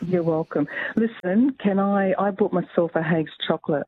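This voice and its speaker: A man with a slightly raised, husky voice calls in over a tinny phone line. He gushes and repeats himself, thanking the host again and again. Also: high-pitched, normal speed. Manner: effusive, emotional, repeating himself. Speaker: caller. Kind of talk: phone-in call to radio.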